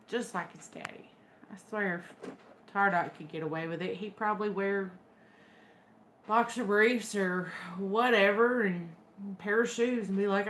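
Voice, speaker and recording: A young woman from Texas speaks in a relaxed, slow drawl, telling chatty stories with a wry edge. Her voice sits at a middling pitch for a woman. A faint background hiss runs under the recording. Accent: Texan. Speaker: vlogger. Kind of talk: casual chat to camera.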